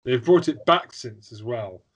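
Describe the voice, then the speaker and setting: A man in casual conversation, relaxed and opinionated in a measured way. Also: mid-range voice. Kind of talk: casual chat.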